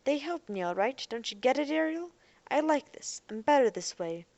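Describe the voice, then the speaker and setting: A woman voicing a defensive, boastful young man in a robot body who is quick to shout. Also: sits high, animated, creaky, no echo, muffled recording, voice pushed up. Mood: agitated.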